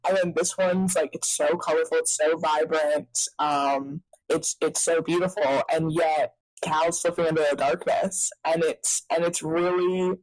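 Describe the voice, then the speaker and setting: A woman hosting a podcast, chatting casually in a rambling, excitable way full of fillers. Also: deep voice, unhurried, no echo, poor audio. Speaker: podcast host. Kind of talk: casual chat.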